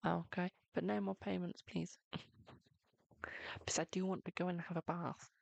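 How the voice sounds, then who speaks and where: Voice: mid-range voice, level tone, normal speed, gravelly, dry recording. A live-stream host doing tarot readings in a chatty, reassuring way, calling viewers "my darling" and leaning on "okay" between lines. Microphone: close microphone.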